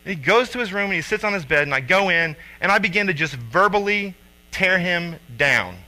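High bright-voiced man telling a story. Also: a little fast, poor audio. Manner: animated storyteller acting out quotes loudly. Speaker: father and youth coach. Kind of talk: personal storytelling.

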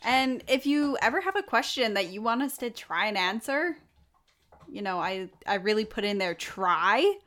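A woman's voice: mid-range voice, sing-song, normal speed, fairly bright tone. A young woman co-hosting a relationship podcast, chatting casually and teasing her partner playfully. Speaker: podcast co-host. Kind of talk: casual chat.

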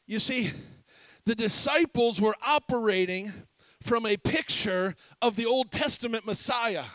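Male pastor preaching, very high voice, tense sharp tone, dry close sound, animated delivery. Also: unhurried, no echo. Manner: animated preaching, swings between loud and hushed. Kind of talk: sermon.

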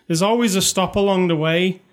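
A man's voice: high-pitched, brisk. A man co-hosting a casual movie review chat, rambling and conversational with lots of fillers. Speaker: podcast co-host.

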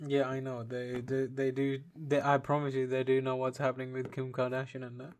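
A young man from the UK trades crude, teasing jokes in casual podcast chatter. His voice sits at an ordinary middle pitch, and he swears freely. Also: completely flat delivery, a little fast, a little mellow. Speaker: podcast co-host.

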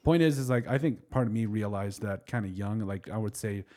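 Fast-talking rambling male podcast host. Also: fairly low pitch, steady tone, a little mellow. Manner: rambling, trails off and restarts often. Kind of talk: casual podcast chat.

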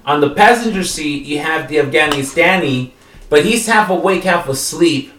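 Male podcast storyteller, slangy and animated, higher voice, off-mic and echoey. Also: normal speed, distant mic, a little hiss or hum. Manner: animated, slangy, acts out the characters. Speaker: podcast co-host. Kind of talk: casual storytelling. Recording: roomy echo, off-mic.

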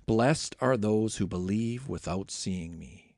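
A man reading aloud and voicing a gentle, authoritative teacher who speaks calmly and measuredly in a scripture reading. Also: lowish voice, takes it slowly, no echo, studio quality.

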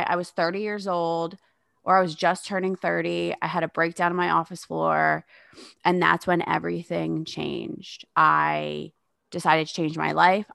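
Low, gravelly woman in her thirties. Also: a bit bright, no echo, clean studio sound. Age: 30s. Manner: frank, sarcastic, swears freely. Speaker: guest. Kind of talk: candid podcast conversation.

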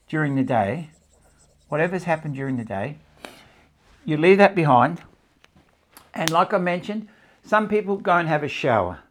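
A man coaching stress relief and sleep in front of a small live audience. His voice sits a little high for a man and swings widely in pitch. He repeats his points and keeps asking whether the listeners follow him. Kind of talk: live talk to an audience and camera.

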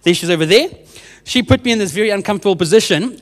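A young man, a youth minister telling a humorous testimony in a church service, animated and often laughing at himself. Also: high voice, fast talker. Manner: animated storyteller, laughs often, self-mocking. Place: church hall with a live audience. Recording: reverberant hall sound.

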